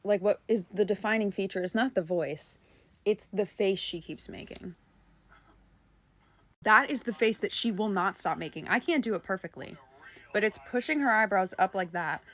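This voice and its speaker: A woman's voice: medium pitch, moderate pace, a bit bright. A woman in an irritated, emphatic casual rant.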